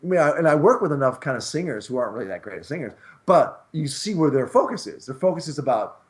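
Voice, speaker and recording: A man's voice: fairly high pitch, big pitch swings, fast. A man who hosts an internet radio talk show, chatting casually as the guest in a rambling, self-deprecating way and laughing often.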